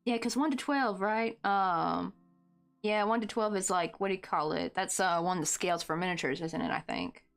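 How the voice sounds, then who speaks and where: A woman's voice: medium pitch, moderate pace, vocal fry, soft background music. A young woman with a Southern Tennessee accent chats at her desk while crocheting, rambling with lots of fillers as she answers viewers. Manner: chatty and rambling, full of "like" and "um", answering viewer chat. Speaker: crochet live streamer. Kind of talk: casual chat while crafting on stream.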